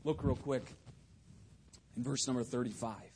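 A man preaching a sermon with fervour, swinging between loud bursts and quieter asides. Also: mid-range voice, steady tone, unhurried, a little hiss or hum.

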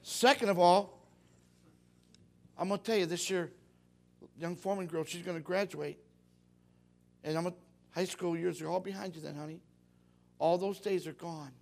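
High-voiced folksy preacher. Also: male voice, moderate pace, vocal fry, pauses often. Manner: folksy, animated, acts out quotes. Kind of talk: sermon.

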